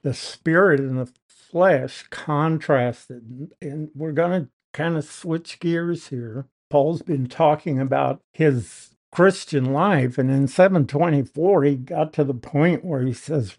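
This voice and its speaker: A man delivers a verse-by-verse Bible teaching in a slightly higher register. He speaks slowly and deliberately, and he punches the key words with emphasis as he explains them. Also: a little mellow.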